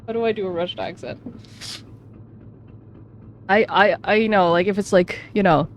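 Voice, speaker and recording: A woman's voice: medium pitch, fairly even intonation, moderate pace, a little hiss or hum. A woman streaming a game, chatting casually and rambling with self-mocking jokes. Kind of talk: casual gaming commentary.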